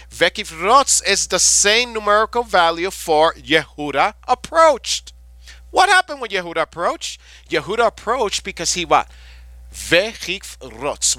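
Pastor guy preaching, bright forceful voice, pretty high, dry close sound, keeps asking the crowd questions. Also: no echo. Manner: expressive, asks the congregation questions, Hebrew words slowly drawn out. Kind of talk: sermon teaching.

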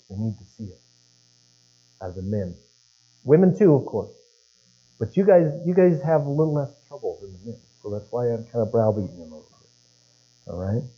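A man's voice: fairly low pitch, clear, resonant tone. A man preaching a sermon as pastor, telling stories in a folksy way and talking straight to the congregation. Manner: folksy storytelling, talks to the congregation. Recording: dull lo-fi recording with mains hum.

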